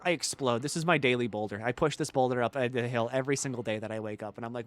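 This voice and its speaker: A male streamer chatting casually while playing a game, rambling and excitable, swearing freely. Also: mid-range voice, fast talker, few pauses. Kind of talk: casual gaming-stream chat.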